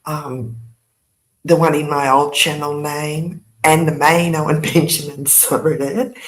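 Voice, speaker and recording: An older woman, hosting her own channel in a casual, rambling chat, laughing often and tossing in sarcastic asides. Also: sits low. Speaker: YouTube channel host.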